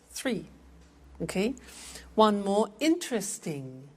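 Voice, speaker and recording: A woman teaching English in a scripted lesson, explaining clearly and patiently and repeating words for practice. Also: medium pitch, very animated, takes it slowly, pauses often.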